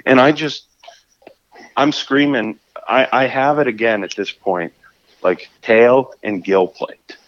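A man telling a fishing story in a casual, animated way, often restarting his sentences. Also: mid-range voice, slow pace, dull audio. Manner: animated, acts out his own shouts and scrambles with restarts.

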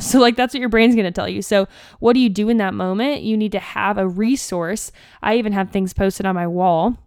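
A woman hosting her own podcast as a coach, talking casually in a chatty, upbeat way with slang and quick asides. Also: mid-range voice, a little mellow, clean tone, no room sound, clean studio sound. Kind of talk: casual solo podcast talk.

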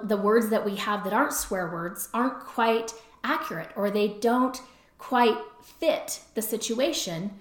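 A middle-aged woman hosting an advice podcast, talking in a relaxed conversational way and often tagging her points with "right?". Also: medium pitch. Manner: conversational, frequent "right?" tag questions. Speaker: podcast host and counselor. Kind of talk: advice talk. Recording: roomy echo.

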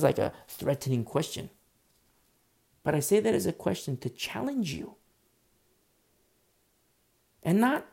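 A man preaching a sermon in an earnest, conversational way, sometimes dropping his voice low. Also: creaky, dark tone, breathy edge. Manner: earnest, conversational preaching, drops to a whisper at times. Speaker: pastor.

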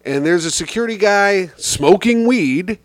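A man hosting his own comedy podcast, spinning road stories in a loose, animated way and cursing freely. His voice sits a little high for a man. The sound is dry and close, with no room around it. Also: a little slow, no room sound. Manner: animated, swearing, slips into quoted voices. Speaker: podcast host. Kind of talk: casual comic storytelling.

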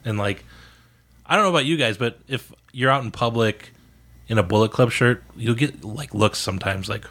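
A man's voice: mid-range voice, moderate pace, a bit bright. A middle-aged father telling laid-back anecdotes in a casual podcast chat. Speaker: podcast co-host.

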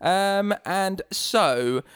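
A man's voice: sits high, animated, very slow, fairly bright tone, clear, resonant tone, no echo. A man chatting on a podcast in a loose, rambling way, laughing easily and restarting his sentences. His voice is recorded close and dry, with no room sound. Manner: rambling, giggly, lots of fillers and restarts. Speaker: podcast co-host. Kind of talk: casual podcast chat.

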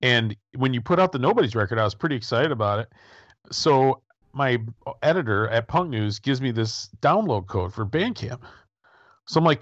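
A man co-hosts a podcast and tosses in wry, joking remarks. His voice sits at an ordinary pitch. The recording is dry and a bit dull. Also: animated, brisk, no echo. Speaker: podcast co-host and music reviewer. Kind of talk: casual podcast chat.

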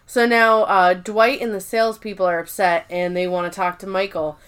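A woman's voice: mid-range voice, flat delivery, moderate pace, a bit bright, smooth. A woman co-hosting a podcast, recapping TV episodes in casual chat. She swears freely, fills her talk with "like" and acts out the characters' lines in put-on voices. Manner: chatty, swears freely, many fillers like "like". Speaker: podcast co-host.

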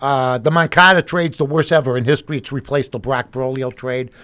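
A man's voice: mid-range voice, fairly even intonation, a little fast, bright, forceful tone. A man from Chicago, a guest in a casual chat, telling rambling stories full of "you know, I mean" asides.

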